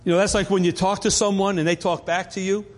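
Pastor guy preaching, kinda high voice, chatty and stops and restarts, echoey church. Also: little pitch movement, fast, soft background music. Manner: conversational, restarts often. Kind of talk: sermon.

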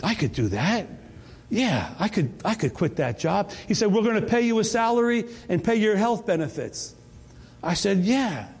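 Older pastor with a high, echoing voice. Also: male voice, a little mellow. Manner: storytelling, stammers and repeats words. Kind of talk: sermon with personal testimony. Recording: long reverb of a church hall.

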